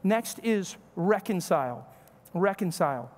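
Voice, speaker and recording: A man's high, slightly mellow voice comes across animated yet unhurried as he preaches a sermon in a church sanctuary. He talks conversationally and acts out brief family dialogue, captured with church hall reverb.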